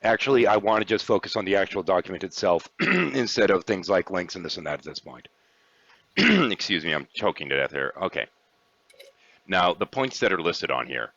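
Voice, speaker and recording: A man's voice: deep voice, expressive, brisk, a bit bright, no echo. A man hosting a casual podcast, blunt and profane in his talk. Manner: blunt, profane, occasionally clears throat. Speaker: podcast host. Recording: dry, dull lo-fi sound.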